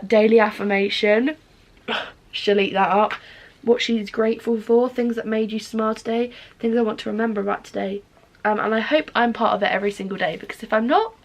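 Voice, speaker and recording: A woman's voice: medium pitch, fairly bright tone. A young woman chatting casually in her bedroom, self-mocking and swearing freely as she shows off her shopping. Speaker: vlogger. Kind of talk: casual chat. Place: bedroom at home.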